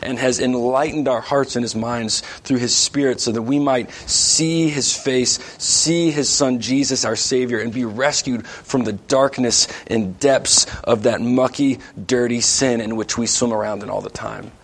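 A man's voice: mid-range voice, fairly even intonation, measured pace, few pauses. A man pastor preaching an earnest, emphatic expository sermon in a church. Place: church sanctuary with congregation.

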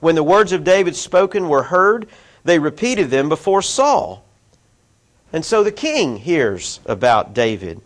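Man, fairly high voice, Bible teaching, reads verses, casual asides. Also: sing-song, unhurried. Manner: conversational, asides to listeners, voices quoted figures. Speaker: preacher.

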